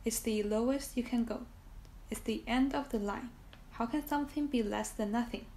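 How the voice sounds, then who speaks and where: A lonely young pig speaks in a storybook reading, plaintive and earnest, his voice pitched a touch lower and quieter than the reader's own, as a woman puts him on. He argues his point sincerely. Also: slight background noise, natural voice.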